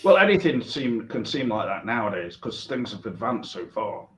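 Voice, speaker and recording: Low-voiced man asking teasing questions. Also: big pitch swings, normal speed, a little hiss or hum. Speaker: podcast co-host. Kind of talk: casual chat.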